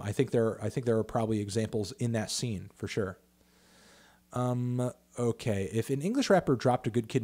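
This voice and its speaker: A young man fields viewer questions on a casual livestream, talking off the cuff. He rambles through fillers and restarts, swears often, and jumps into excited bursts before trailing off into low mumbles. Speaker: music reviewer answering viewer questions.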